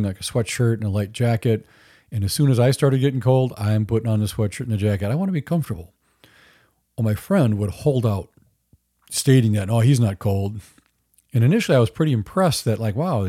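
Male podcast host, middle-aged, earnest storyteller; mellow, fairly low voice, dry close sound. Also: dry recording. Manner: earnest, conversational, with fillers. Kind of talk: casual storytelling monologue.

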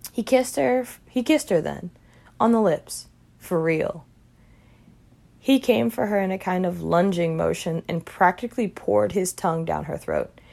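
Low, gravelly woman reading a story. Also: mellow. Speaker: reader. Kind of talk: reading a short story aloud.

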